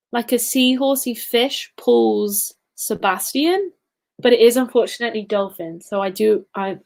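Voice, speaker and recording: A woman's voice: on the high side, gravelly. A young woman hosting a casual livestream quiz, chatty and giggly with self-deprecating asides. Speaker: quiz host.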